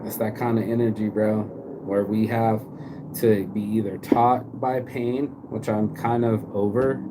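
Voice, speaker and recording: A man from the Bay Area, California, hosts a rambling motivational live stream from his phone while walking outdoors, speaking in a loose, slangy, profane way. His voice is lowish with little pitch movement and a little slow, with background noise behind it.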